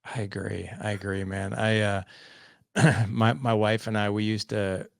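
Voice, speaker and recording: A man hosting a podcast, chatting in a relaxed, rambling way and often saying "man". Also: lowish voice, a little slow, creaky, dry recording, clean studio sound. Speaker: podcast host. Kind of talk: casual interview chat.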